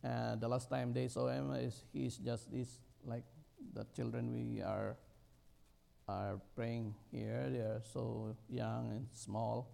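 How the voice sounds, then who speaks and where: Gravelly middle-aged man preaching haltingly. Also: medium pitch, level tone, mellow. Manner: halting, with many fillers and restarts, rising emphatically on key words. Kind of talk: sermon.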